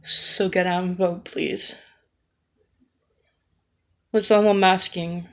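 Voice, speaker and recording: A woman giving an earnest, halting political rant in a vlog, emotional and tearful. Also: lowish voice, little pitch movement, sharp tone. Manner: earnest, pleading, slow and halting.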